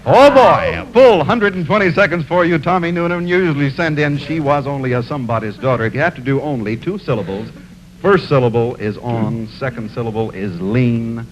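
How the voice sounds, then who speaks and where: A man's voice: mid-range voice, animated, moderate pace. A man hosting a television game show, joking and teasing the contestants in a breezy way. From United States. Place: television studio with audience. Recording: noisy old 1960s TV broadcast audio.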